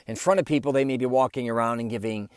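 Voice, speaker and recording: A man's voice: mid-range voice, fast talker, smooth, dry recording, studio quality. A man hosting his own solo podcast, talking candidly and rambling a little, with many fillers as he reflects on his own behavior. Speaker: podcast host. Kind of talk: casual solo podcast monologue.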